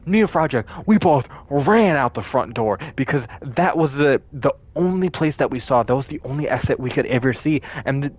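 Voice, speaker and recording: A man's voice: mid-range voice, lively intonation, fairly quick, hardly any pauses, darkish tone, dull audio. A young man streaming a game, telling a story in a rambling, casual way with lots of fillers and swearing. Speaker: gaming streamer. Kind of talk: casual storytelling while gaming.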